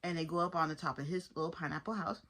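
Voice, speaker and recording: A woman chatting casually to her viewers as she reviews a cartoon episode, lively and informal. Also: low-pitched, fast talker. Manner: chatty, animated, addresses viewers as y'all. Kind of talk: casual commentary.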